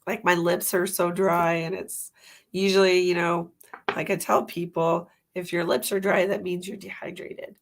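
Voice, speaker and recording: A woman's voice: fairly low pitch, flat delivery, moderate pace, gravelly. A woman hosting a psychic livestream, giving tarot readings and chatting casually with viewers, with a stuffy nose from allergies. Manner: chatty, rambling, laughs at herself.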